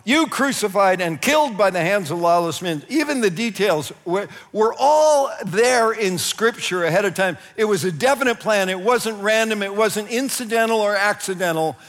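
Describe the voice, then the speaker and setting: A man with a high voice delivers a sermon as a pastor. He preaches with animated energy, laughing often and crying out in places. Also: moderate pace, few pauses, long reverb tail.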